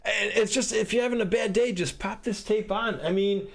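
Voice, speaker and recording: Man, podcast host, animated casual chat, laughs, high pitch. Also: moderate pace, gravelly. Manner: animated, laughing, asks questions. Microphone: podcast microphone, audio only.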